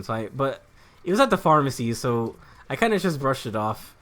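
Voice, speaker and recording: A man's voice: medium pitch, big pitch swings, a little fast, fairly bright tone. A young man chatting casually while streaming a game, rambling and joking, swearing freely and laughing often. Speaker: gaming streamer. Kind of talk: casual chat while gaming.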